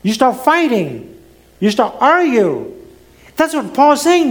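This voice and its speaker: A man's voice: very high-pitched, sing-song, takes it slowly, pauses often. A middle-aged man preaching a sermon as pastor, swinging his voice up and down, with some non-native grammar.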